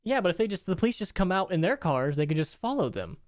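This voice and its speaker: A man's voice: high-pitched, very animated, fast, no echo, studio quality. A young man hosting a casual podcast, joking and incredulous, swearing as he reacts. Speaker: podcast host. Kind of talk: casual chat.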